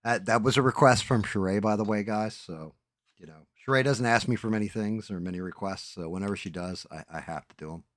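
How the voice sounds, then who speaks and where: A man's voice: fairly low pitch, a little fast, a bit bright, no echo, studio quality. A man hosting a casual live stream, rambling and swearing casually as he tells a story against himself.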